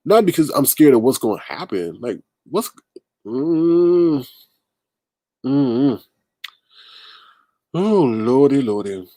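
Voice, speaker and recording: A man hosting a livestream, commenting casually and answering chat comments with emphatic, animated talk. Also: medium pitch, slow, long pauses, dry recording. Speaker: livestream host.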